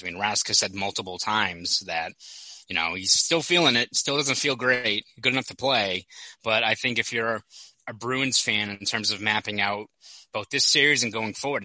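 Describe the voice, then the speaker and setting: A man's voice: fairly low pitch, pushed and bright, no room sound, poor audio. A man hosting a sports podcast, telling stories in a chatty way with lots of asides. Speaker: podcast host. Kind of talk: casual sports podcast chat.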